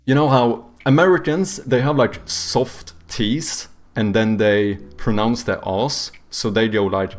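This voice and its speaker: A man chatting casually on a live stream while working on and playing a game, breaking into profane, excitable outbursts between calmer stretches. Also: mid-range voice, a little slow, hardly any pauses.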